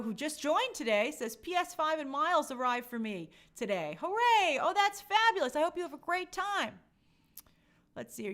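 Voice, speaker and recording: Streamer host: woman, high, lively voice, chatty and friendly with her viewers. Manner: chatty, reads comments aloud and answers them. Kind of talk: casual live-stream chat reading viewer comments.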